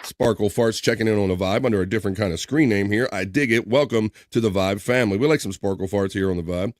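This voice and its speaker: A man's voice: on the low side, fast talker, few pauses, no echo, clean studio sound. A man hosting a live stream, casually reading out chat messages with loose slang and frequent laughter. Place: home streaming setup.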